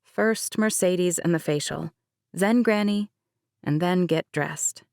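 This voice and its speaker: A woman reading an audiobook as narrator in a measured, even way. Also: lowish voice, vocal fry, no room sound, clean studio sound. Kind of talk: scripted narration.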